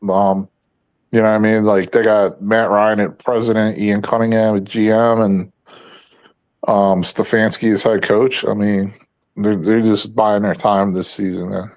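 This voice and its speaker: A man's voice: lowish voice, little pitch movement, a little slow, darkish tone. A man co-hosting a casual sports podcast, rambling with lots of fillers and casual swearing. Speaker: podcast co-host.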